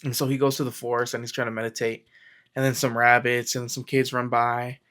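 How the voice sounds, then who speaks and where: A self-help vlogger talks casually to camera about mindset, rambling through stories with plenty of fillers and acted-out quotes. His mid-range voice barely moves in pitch, and he speaks fairly quickly with a sharp edge to his tone.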